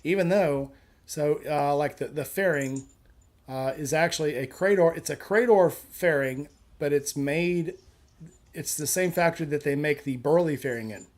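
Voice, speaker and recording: A man's voice: on the high side, moderate pace. A man on a live chat show, talking casually and bluntly, with firm opinions and a habit of telling jokes.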